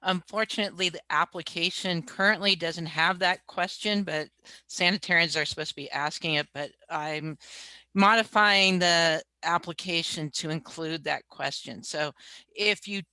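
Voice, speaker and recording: Crisp matter-of-fact woman sanitarian. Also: on the low side, normal speed, pushed and bright, no echo. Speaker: public health sanitarian. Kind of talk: answering a question in an online workshop.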